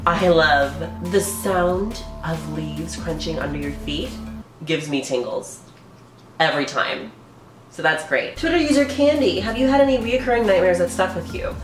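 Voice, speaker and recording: A woman's voice: lowish voice, animated, moderate pace, reverberant, over music. A woman vlogger answering viewer questions in a casual, candid way, often swearing and laughing, from her living room. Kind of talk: casual Q&A chat.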